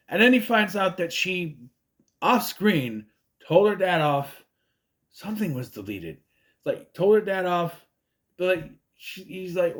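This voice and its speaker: A man's voice: sits high, very animated, moderate pace. A man from southern Minnesota giving a casual, rambling movie review with joking asides.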